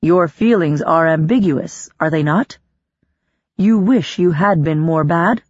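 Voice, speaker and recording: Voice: medium pitch, slow, dry recording, muffled recording. A reader voicing a Martian who speaks in a formal, analytical way. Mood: curious. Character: Martian, calm and inquisitive alien.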